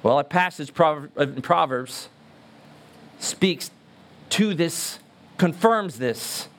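A man's voice: fairly high pitch, expressive, slow pace. A man preaching a sermon as pastor, emphatic and earnest, repeating words for stress.

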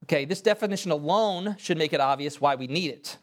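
A male pastor preaching a sermon in an earnest, emphatic way, talking straight to his congregation and lifting his voice for stress. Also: brisk. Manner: earnest, emphatic preaching with sudden rises in pitch and pace; addresses the congregation directly and conversationally.

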